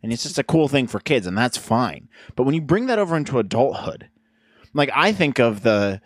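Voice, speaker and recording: A man's voice: mid-range voice, very animated, a little fast, no echo, studio quality. A man co-hosting a podcast, giving opinionated rambling rants with playful jabs in casual chat. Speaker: podcast co-host.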